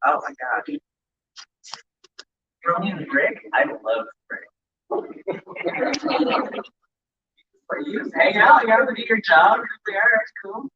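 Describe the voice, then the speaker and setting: A man's voice: high-pitched, big pitch swings, takes it slowly, pauses often, a little hiss or hum. A man emceeing a live convention, chatty and apologetic, stumbling over names as he calls out groups. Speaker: event emcee. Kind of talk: live event hosting. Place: large indoor convention hall. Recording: echoey hall, distant dull sound.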